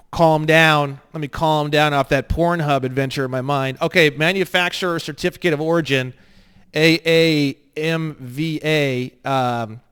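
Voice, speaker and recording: A man teaching an online course in a crude, joking way, swinging between low muttering and loud, excited rants. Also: measured pace, clean tone. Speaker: online legal course instructor. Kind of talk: profane, rambling screen-share lesson.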